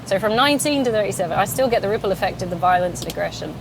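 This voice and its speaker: This car-bound podcast host in her thirties chats solo while driving, her medium-pitched, creaky voice coming out expressive and rapid-fire against a noisy background. She laughs a lot, swears, and mocks herself good-naturedly.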